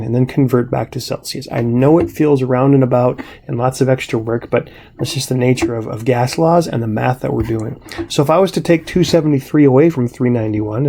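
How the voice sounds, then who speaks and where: A man walks through a chemistry lesson in a relaxed, chatty teaching voice with a gravelly edge. His tone is dark and mellow. A faint hiss sits under the recording. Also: mid-range voice. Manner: relaxed, conversational explaining with frequent "right?" and "all right". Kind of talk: recorded classroom lecture.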